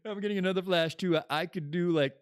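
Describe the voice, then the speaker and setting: A man's voice: high-pitched, fast, smooth, no room sound, clean studio sound. A man hosting his own podcast in a casual, rambling monologue that drifts between topics and laughs at his own jokes. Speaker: podcast host.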